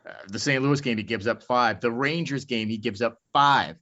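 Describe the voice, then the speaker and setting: A man's voice: medium pitch, normal speed, sharp tone. A man co-hosting a podcast, talking bluntly and with lots of swearing in casual chat. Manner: blunt, profane, worked up. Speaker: podcast co-host. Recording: muffled lo-fi podcast audio.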